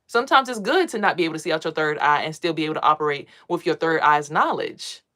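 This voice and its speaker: Her low voice is animated, quick, pushed and bright as this mother and spiritual vlogger addresses the camera. She delivers a casual monologue about meditation and energy, rambling, profane and streetwise.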